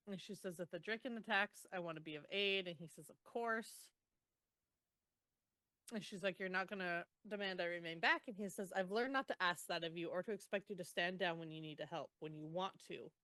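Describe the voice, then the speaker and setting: A woman co-hosting a podcast, casually retelling book chapters with groans, laughs and animated quotes. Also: lowish voice, normal speed, dry recording. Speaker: podcast co-host. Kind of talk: casual book recap chat.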